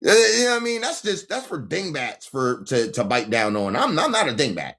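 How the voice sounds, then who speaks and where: A man's voice: on the high side, very animated, a little fast, a bit bright. A man hosting a livestream, talking straight at his viewers in a confrontational, taunting rant. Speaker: livestream host. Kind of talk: ranting livestream monologue. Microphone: phone livestream.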